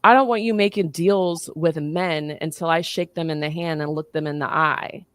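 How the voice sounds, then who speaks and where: A woman in her thirties with a low-sitting voice tells a personal story in casual chat at normal speed, recorded dry. She's animated and acts out the voices in the dialogue she quotes.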